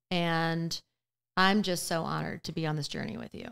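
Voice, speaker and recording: A woman guest on a podcast, a business and life coach, talking earnestly in a casual interview, slow and deliberate with many fillers. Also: lowish voice, flat delivery, vocal fry, fairly bright tone, clean tone. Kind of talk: casual heartfelt interview chat.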